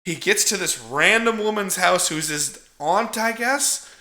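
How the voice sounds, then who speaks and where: A man recapping a horror movie on a podcast, in a casual, animated, profane way, laughing often. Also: sits high, unhurried, roomy sound. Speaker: podcast co-host.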